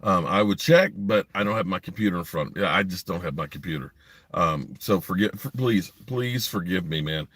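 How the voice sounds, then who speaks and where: A man's voice: low-pitched, fairly quick, a bit bright, dry recording. A man hosting a sports podcast live stream from a parked driveway, talking bluntly and rambling while reading comments from his chat.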